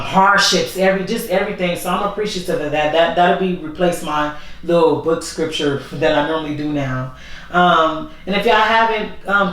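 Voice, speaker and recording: A woman vlogger talking casually and candidly, rambling and repeating herself as she speaks from the heart. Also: fairly low pitch. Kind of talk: casual heartfelt vlog talk. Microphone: voice only, camera not working. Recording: very echoey room, far from the mic.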